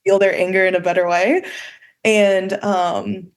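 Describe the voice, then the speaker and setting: A woman's voice: medium pitch, little pitch movement, unhurried. Candid woman telling her story. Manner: candid, frequent "like" fillers, occasional swearing. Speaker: podcast guest. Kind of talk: casual personal storytelling.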